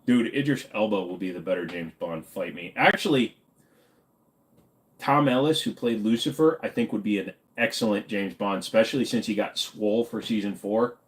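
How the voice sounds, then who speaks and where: A man's voice: fairly low pitch, moderate pace. A man hosting a casual livestream, reading chat questions aloud and answering them in an offhand, joking way. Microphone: desk microphone.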